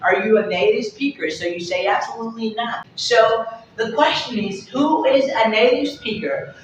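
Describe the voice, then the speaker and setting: A woman from Pakistan explaining English accents to viewers as a teacher, repeating herself and pausing on fillers. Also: mid-range voice. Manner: repetitive, explanatory, frequent fillers. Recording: very echoey room, distant mic, dull sound, faint noise.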